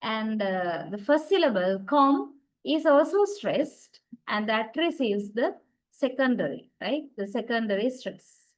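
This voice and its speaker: This non-native English speaker lectures at university on English word stress, filling her speech with "uh"s and restarts and regularly asking "right?" or saying "okay". She sounds a little high and expressive, and takes her time. The recording is poor.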